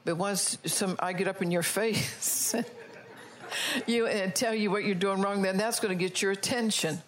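Woman preacher, medium pitch, blunt and emphatic, preaching to a congregation. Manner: emphatic and scolding, asks the congregation for agreement; slows down for scripture and prophecy quotes. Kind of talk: sermon.

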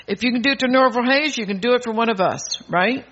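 Older man, very high voice, bold exhorting sermon, chuckles between lines, dull lo-fi sound. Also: fast talker, sharp tone. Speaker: preacher. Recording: dull lo-fi recording.

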